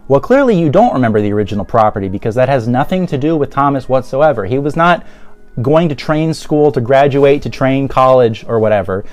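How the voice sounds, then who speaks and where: A man's voice: medium pitch, lively intonation, a little fast, darkish tone, soft background music. A man giving casual review commentary in a sarcastic, exasperated manner. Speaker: video reviewer.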